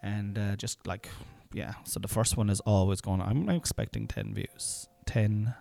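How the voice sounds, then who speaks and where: A man's voice: lowish voice, unhurried, vocal fry, dark tone. A middle-aged Irish man hosting a comedy podcast, rambling and self-mocking with lots of fillers. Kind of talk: casual comedy podcast chat.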